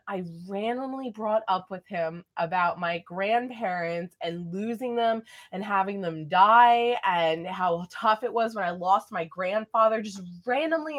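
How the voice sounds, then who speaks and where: Young woman vlogger rambling thru a storytime, lots of ums and likes, chatty. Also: on the high side. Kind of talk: casual storytime vlog.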